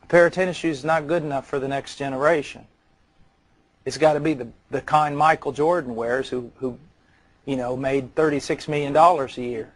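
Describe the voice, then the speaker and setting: A man's voice: medium pitch, steady tone, normal speed. A man preaching a sermon, telling stories conversationally and building to earnest intensity, often repeating words as he starts a phrase.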